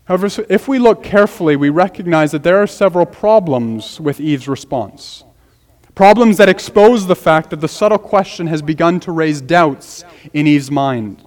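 A man's voice: a little high, lively intonation, moderate pace, a little mellow. A man preaching an expository sermon as pastor, earnest and emphatic, repeating key phrases for weight. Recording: long hall reverb.

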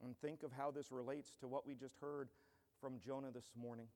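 A man's voice: mid-range voice, fairly even intonation, moderate pace, a little mellow, long reverb tail. A man pastor preaching an earnest, emphatic expository sermon in a church.

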